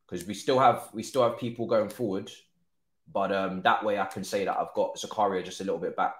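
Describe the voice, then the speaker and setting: A young man giving live commentary on his own football video game match, excitable, pleading and swearing often. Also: fairly low pitch, brisk. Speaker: gaming streamer. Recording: roomy echo.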